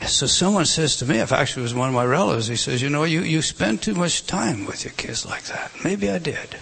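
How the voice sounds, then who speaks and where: A man's voice: on the high side, lively intonation, brisk, creaky, a bit bright, slight background noise. A middle-aged man preaching a sermon, emphatic, with rhetorical questions. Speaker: pastor.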